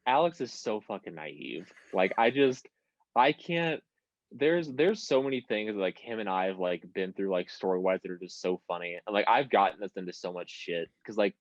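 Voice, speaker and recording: A man's voice: on the low side, lively intonation, normal speed, no echo, dull audio. A young American man telling stories on a podcast, rambling and swearing freely. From United States. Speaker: podcast guest. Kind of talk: casual podcast chat.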